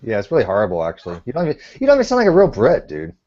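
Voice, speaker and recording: A man's voice: mid-range voice, wildly swooping pitch, very fast. A man hosting a casual group chat, stammering and laughing often. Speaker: host. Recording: dull lo-fi online call.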